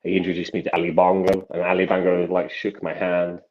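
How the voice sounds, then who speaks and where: A young man, a magician telling stories from his life as a podcast guest, with animated delivery and frequent restarts. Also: deep voice, fairly quick. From England. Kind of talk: casual podcast storytelling. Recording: dull lo-fi sound.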